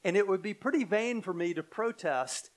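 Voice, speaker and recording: A middle-aged American man preaching a sermon, emphatic, slowing and swelling on key phrases. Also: high voice, lively intonation, low-quality recording. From United States. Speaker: pastor.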